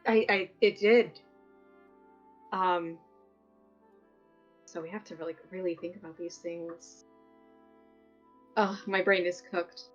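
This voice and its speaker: A woman's voice: on the low side, steady tone, slow pace, pauses often. A woman playing an earnest, philosophical female elf adventurer in a tabletop game, rambling as she muses. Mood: musing. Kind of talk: in-character tabletop role-play. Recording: dull lo-fi audio, faint music.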